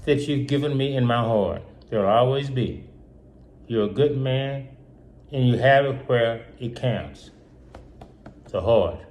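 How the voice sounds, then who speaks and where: A man hosting his own show, talking through an emotional political monologue that is full of repetition and rhetorical questions. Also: mid-range voice. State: upset. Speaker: host.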